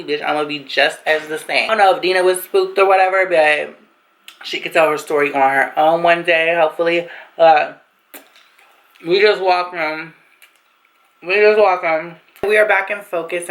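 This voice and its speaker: A young woman vlogger telling a storytime tale to camera in an animated, slangy, profane way. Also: lowish voice, poor audio. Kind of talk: storytime vlog.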